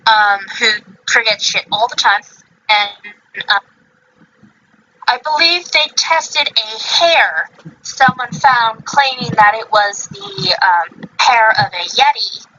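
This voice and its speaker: A woman's voice: fairly high pitch, bright, forceful tone, muffled recording, a little hiss or hum. A woman hosting a podcast in casual chat, rambling with many fillers and self-corrections. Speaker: podcast host.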